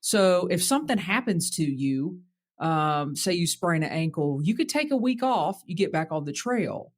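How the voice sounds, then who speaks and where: A man co-hosting a podcast, chatting in a relaxed, agreeable way with long run-on sentences. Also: a little high, normal speed. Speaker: podcast co-host. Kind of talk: casual podcast conversation.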